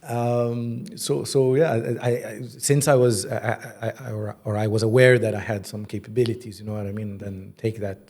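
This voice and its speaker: A man's voice: fairly low pitch, moderate pace, hardly any pauses. A man in his forties, a voice actor and creative director, telling stories animatedly in a casual interview, often laughing. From Egypt. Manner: animated storyteller, slips into mock accents and laughs.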